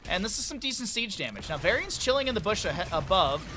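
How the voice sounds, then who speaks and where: Young male caster, slightly high voice, chatty and excitable, headset over faint game sounds. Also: quick pace, a little hiss or hum. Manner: chatty, jumps from banter to excited play-by-play. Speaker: esports caster. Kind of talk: solo game commentary.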